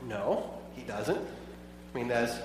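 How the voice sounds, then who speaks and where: A man's voice: medium pitch, sing-song, slow, slight background noise. A pastor preaching a sermon in a conversational way, asking his listeners many rhetorical questions. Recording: echoey hall, voice from far off.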